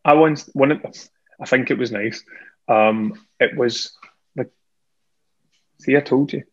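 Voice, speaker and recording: A man's voice: mid-range voice, slow. Chatty Scottish man on a dull call line. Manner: chatty, self-deprecating, laughs often. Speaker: singer and guest. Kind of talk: casual chat over a remote call. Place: at home indoors. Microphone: earphone headset on a video call.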